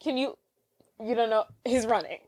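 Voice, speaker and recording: A woman's voice: a little high, moderate pace, a little mellow, no echo. A woman co-hosting a podcast, casually and animatedly recapping a movie with slang. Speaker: podcast co-host.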